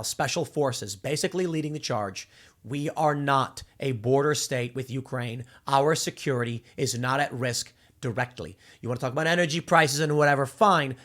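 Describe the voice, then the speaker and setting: A man in his thirties hosting casual political commentary, talking in an animated way, acting out voices and restarting his sentences often. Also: medium pitch. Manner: animated, acts out voices mid-story, frequent restarts.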